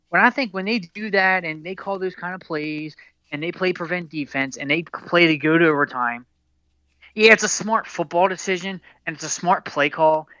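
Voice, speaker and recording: A man's voice: fairly high pitch, bright, forceful tone, no echo. A man hosting a sports podcast, talking casually and rambling, with frequent restarts and a lot of "dude". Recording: dull lo-fi dry recording.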